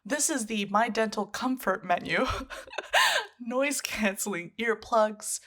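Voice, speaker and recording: Bright-voiced woman telling a laughing story. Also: medium pitch, measured pace. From Canada. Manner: laughs often, swears, storytelling. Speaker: podcast co-host. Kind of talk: casual chat.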